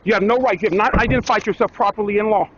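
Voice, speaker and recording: A man's voice: high-pitched, rapid-fire. A man arguing defiantly in a recorded confrontation, insisting and repeating himself. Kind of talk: heated confrontation caught on camera. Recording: dull, lo-fi clip with faint background noise.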